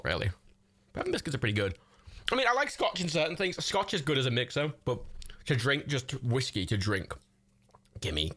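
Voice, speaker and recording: Wildly animated, swearing male streamer. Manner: swears freely, laughs often, wildly swinging pitch. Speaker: livestream host. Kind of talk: casual chat while co-watching a movie. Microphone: microphone.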